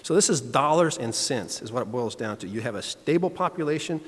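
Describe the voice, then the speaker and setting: Man lecturing at a conference, quick and casual, in a reverberant hall. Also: medium pitch, expressive. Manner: conversational, plainspoken, frequent "you know" asides. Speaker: veterinarian giving a conference talk. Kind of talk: unscripted conference presentation.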